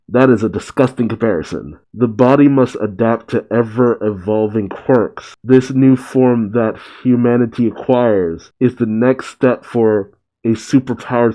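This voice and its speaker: Man, manga reaction host, mellow, dry asides while reading. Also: medium pitch, low-quality recording.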